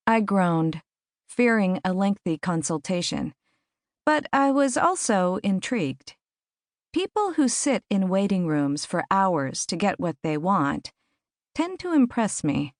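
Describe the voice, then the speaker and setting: A woman's voice: mid-range voice, very animated, slow, no echo. Woman narrating an audiobook, dry studio. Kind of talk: scripted first-person narration.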